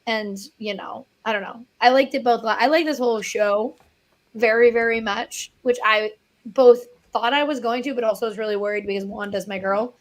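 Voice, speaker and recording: A woman's voice: fairly high pitch, fairly even intonation, normal speed. Enthusiastic Pennsylvania woman. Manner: enthusiastic, laughs mid-sentence. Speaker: guest critic. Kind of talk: casual chat.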